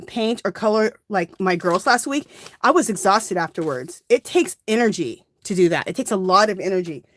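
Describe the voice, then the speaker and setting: Medium in pitch, her voice comes through without any echo. The woman is hosting an informal crafting livestream, recording by phone at her craft table, and she rambles and chats, voicing her thoughts as she works.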